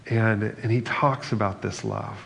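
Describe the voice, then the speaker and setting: A man's voice: fairly low pitch, steady tone, measured pace, gravelly, fairly bright tone. A male pastor giving an earnest, reflective sermon, ending in prayer. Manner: earnest, reflective preaching with brief humor. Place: church sanctuary. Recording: church hall reverb, faint noise.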